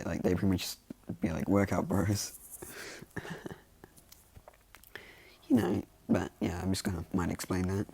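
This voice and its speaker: Deep, gravelly man rambling casually. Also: a little mellow. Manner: rambling, full of fillers like "you know" and "like", self-correcting. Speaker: storyteller. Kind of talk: casual improvised fan-story telling.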